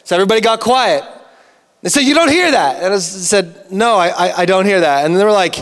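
High-voiced pastor in an echoing church hall. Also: male voice, a little fast. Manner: animated storytelling with acted-out dialogue. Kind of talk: sermon. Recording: long church hall reverb.

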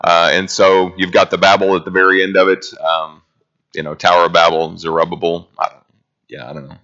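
A man's voice: low voice, little pitch movement, fairly quick, sharp tone, lo-fi sound. A man leading a casual Bible study class, talking through scripture in a conversational, rambling way and reading passages aloud.

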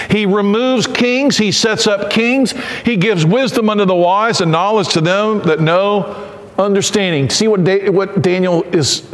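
A man's voice: high-pitched, long reverb tail. A man preaching a conversational sermon who acts out quotes and asks the congregation questions. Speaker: pastor.

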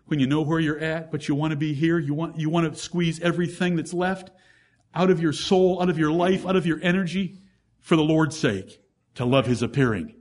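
A male pastor preaching a sermon, swinging from fervent raised passages to quiet, intimate asides to the congregation. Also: on the high side, fairly quick. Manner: addresses congregation as brethren, rhetorical questions.

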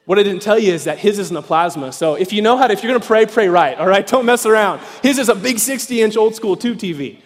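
A man preaching an evening sermon as pastor, telling a story animatedly and acting out voices, sometimes shouting with excitement. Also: sits high, quick pace, hardly any pauses. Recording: long reverb in a large hall.

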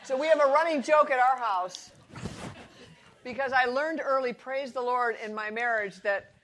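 Bright, high-voiced woman, playful and self-mocking. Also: moderate pace, slight background noise. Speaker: Bible teacher. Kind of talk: humorous devotional talk.

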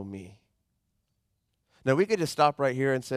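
A man preaching a sermon as pastor in a conversational, animated way, slowing down when he reads scripture. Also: mid-range voice, no room sound, clean studio sound.

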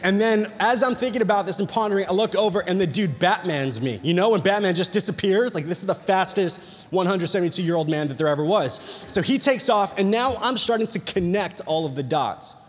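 A young man preaching a sermon in a casual, animated way, telling a story and peppering it with "like". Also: high-pitched, long reverb tail, a little hiss or hum. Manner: animated, chatty storytelling with many "like"s.

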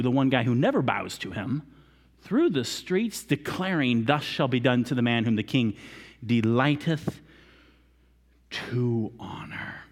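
A man preaching a sermon as a lively storyteller, acting out the characters and coaxing volunteers from the congregation. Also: very high voice. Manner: animated, acts out characters, coaxes volunteers. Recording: long hall reverb.

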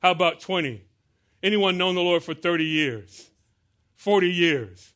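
A man preaching a sermon to a congregation, drawing answers from the pews, joking about aging, and slowing down to stress scripture lines. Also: high-pitched, animated, a bit bright. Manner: call-and-response preaching, asks the congregation to answer. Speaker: pastor.

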